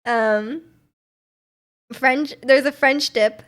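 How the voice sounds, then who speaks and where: A woman's voice: high-pitched, extremely slow, a bit bright. A young adult woman hosting a livestream, chatting casually and reading out viewer messages, giggling often between filler words. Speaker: livestream host.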